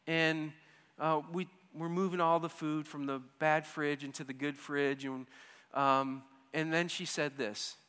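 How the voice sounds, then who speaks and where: A man in his fifties tells a funny story from his own life, dropping to hushed asides and then rising into loud, excited bursts. His voice is fairly high and bright. It rings out with a long echo, as in a large hall. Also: smooth. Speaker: storyteller speaking to an audience. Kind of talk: humorous personal storytelling.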